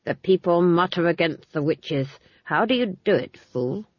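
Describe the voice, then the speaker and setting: Woman reader as a smug male nobleman, low and husky, dry sound. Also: lively intonation, normal speed, no echo, highs cut off. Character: scheming cold male duke, smug. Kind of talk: audiobook character voice.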